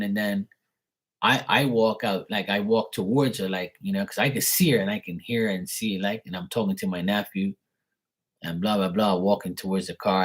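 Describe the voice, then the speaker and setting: A man's voice: fairly low pitch, rough recording. A man, a live tarot reader, telling a casual story in a rambling, slangy way, full of "like" and "you know". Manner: rambling, slangy, heavy use of "like".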